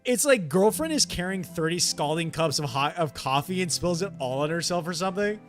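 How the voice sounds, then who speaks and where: A man chatting casually on a late-night live stream, excitable, laughing often and reading his chat aloud. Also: on the high side, brisk, faint music behind.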